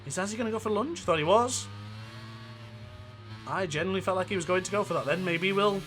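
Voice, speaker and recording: A man with a northern English accent giving chatty, excitable gameplay commentary while racing, laughing often. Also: high voice, fast, music in the background.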